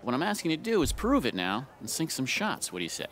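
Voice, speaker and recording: An actor playing a smooth-talking male carnival game barker who flatters passersby. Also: a little high, quick pace, exaggerated voice. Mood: flattering. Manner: flattering sales patter. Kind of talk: video game voice acting.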